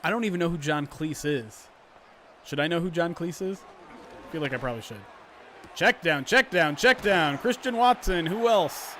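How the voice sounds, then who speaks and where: A man calling a simulated football game on a livestream, switching between animated play-by-play and chatty asides to his viewers, often clearing his throat. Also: on the high side, brisk, a little hiss or hum. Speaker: streamer doing play-by-play. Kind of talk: livestream sports play-by-play commentary.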